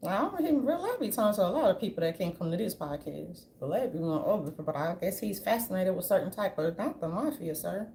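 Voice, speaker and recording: A woman giving an unscripted commentary rant, brash and profane, with a sassy, animated delivery. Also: fairly low pitch, fast, gravelly, hardly any pauses, slight background noise. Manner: brash, profane, sassy, repeatedly says "darling"; animated, jumps into mocking voices. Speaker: commentary vlogger.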